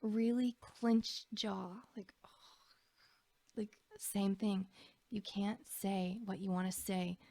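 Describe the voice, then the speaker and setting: A woman teaching about emotions in a gentle guided reflection, often dropping her voice to a soft whisper. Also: mid-range voice, flat delivery, takes it slowly, no echo.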